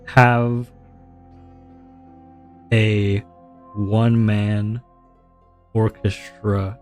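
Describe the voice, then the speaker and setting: A man chatting casually on a livestream, talking in a deliberately relaxed voice and rambling with many restarts and repeats. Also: lowish voice, faint music behind. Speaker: streamer.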